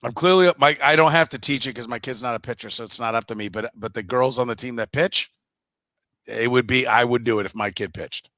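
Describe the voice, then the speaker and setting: A man's voice: mid-range voice, a little fast, sharp tone, no echo. A man co-hosting a casual sports podcast, blunt and profane, mocking others in put-on voices. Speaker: podcast co-host.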